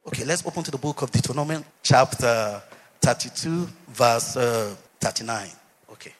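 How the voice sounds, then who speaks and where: A man preaching a sermon, reading scripture aloud and building to loud, emphatic declarations. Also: medium pitch, normal speed, big-room sound.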